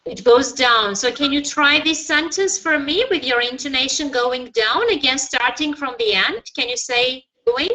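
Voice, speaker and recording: Bright, high-voiced woman teaching English. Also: animated, normal speed, few pauses, rough recording. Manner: encouraging, patient corrections. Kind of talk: online English lesson.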